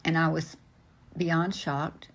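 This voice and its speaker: An older man tells a story from his past at an unhurried pace, often stopping on ums and uhs. His recollection is earnest and plainspoken. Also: fairly high pitch, little pitch movement, a bit bright. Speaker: storyteller recounting family memories. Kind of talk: slow personal recollection.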